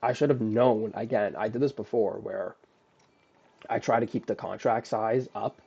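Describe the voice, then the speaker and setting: A man's voice: on the low side, steady tone, moderate pace, vocal fry, dark tone, husky. A man recapping a trade he closed too early, talking in a casual, profane, self-critical way. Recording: dull lo-fi audio.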